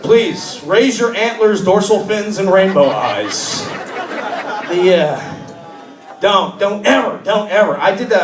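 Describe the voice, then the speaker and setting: A man from Massachusetts tells rambling, raunchy stand-up stories in a fairly high voice. He sounds distant in an echoey comedy club. Waves of audience laughter run beneath him.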